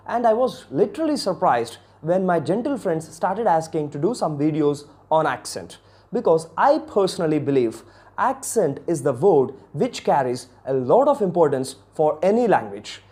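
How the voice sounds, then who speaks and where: Speaking in a slightly high voice with a darkish tone, a channel host teaches English in a video lesson. He is formal and earnest, and he repeats important words for emphasis.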